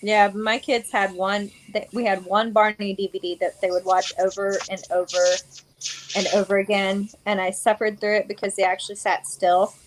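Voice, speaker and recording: A woman's voice: medium pitch, flat delivery, normal speed, slight background noise, poor audio. A woman in her forties hosting a casual chat, talking freely and laughing easily. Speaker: host.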